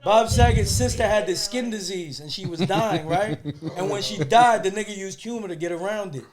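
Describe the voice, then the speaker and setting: A man's voice: high-pitched, normal speed, a crowd in the background. A man co-hosting a podcast in heavy slang, teasing his friends and playing up how gloomy he feels. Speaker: podcast co-host. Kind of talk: casual podcast chat.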